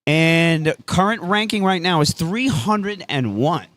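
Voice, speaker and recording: Excitable commentator, man. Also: fairly high pitch, slow pace. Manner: casual, excitable, mixes in Spanish phrases. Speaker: sports commentator. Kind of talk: live play-by-play commentary.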